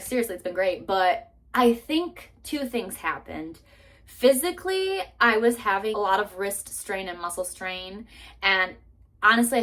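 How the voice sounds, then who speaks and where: A woman's voice: medium pitch, fairly bright tone. Emotional young woman in a candid chat. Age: 20s. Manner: earnest and emotional, casual swearing, many likes and restarts. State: close to tears at times. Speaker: vlogger.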